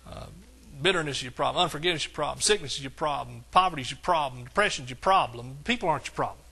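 High bright preacher. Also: male voice, rapid-fire, creaky, breathy edge. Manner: emphatic preaching, swings from soft to hollering. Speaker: pastor. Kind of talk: sermon.

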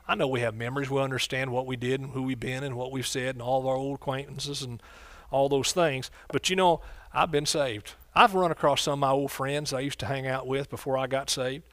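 A man's voice: medium pitch, fairly even intonation, a little fast, dry recording. A man pastor preaching a sermon, often calling out questions to the congregation. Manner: preacherly call-and-response, asks congregation questions.

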